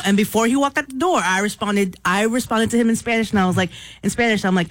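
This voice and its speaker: A woman's voice: medium pitch, very fast, few pauses, no echo. A woman co-hosting a radio show, telling stories animatedly and acting out the voices of people she quotes. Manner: animated storyteller, acts out quotes, laughs often. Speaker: radio co-host. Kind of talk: casual radio storytelling.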